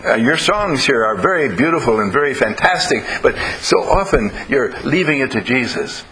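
Animated, bright-voiced man preaching. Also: medium pitch, normal speed, poor audio. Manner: animated, playful, acts out voices in anecdotes. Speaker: minister. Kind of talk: lively sermon with storytelling.

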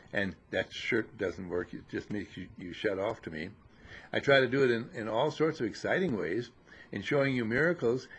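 A man's voice: mid-range voice, breathy edge. A man giving a spiritual talk to his disciples, teasing and scolding them with mocking laughter. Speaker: spiritual teacher. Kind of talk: sermon to disciples.

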